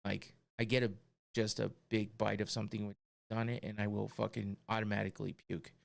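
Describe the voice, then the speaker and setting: A man's voice: fairly low pitch, flat delivery, a little fast, creaky. Podcast host, man, fed-up rant, swears freely, laughs between gripes. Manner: profane, exasperated ranting with frequent laughs.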